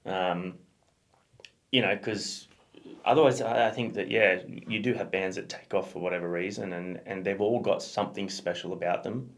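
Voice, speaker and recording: Low-voiced man musing casually. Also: fairly even intonation, moderate pace. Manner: thoughtful, rambling, lots of fillers and restarts. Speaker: co-host of a music reaction show. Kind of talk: casual reaction chat.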